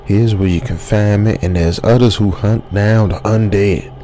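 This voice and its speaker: A man's voice: lowish voice, steady tone, normal speed, warm tone, slight background noise, natural voice. A man doing a grave old vampire hunter.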